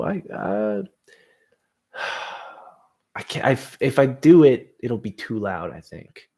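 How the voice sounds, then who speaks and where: A man's voice: mid-range voice, sing-song, slow, long pauses, warm tone, breathy edge. A young man, a comedian, chatting casually on a live stream in a rambling, self-deprecating, crude way.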